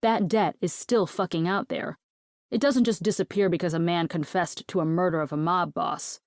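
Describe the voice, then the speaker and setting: A cocky, protective young man, voiced by a woman reading an audiobook. He talks bluntly and teasingly and swears freely, in a lowish voice with a dry, close sound. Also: moderate pace, darkish tone, no echo, lightly acted.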